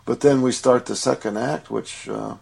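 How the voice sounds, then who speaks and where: A man co-hosting a casual film discussion, recounting scenes with enthusiasm and some halting restarts. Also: mid-range voice, fairly even intonation, gravelly, darkish tone, husky.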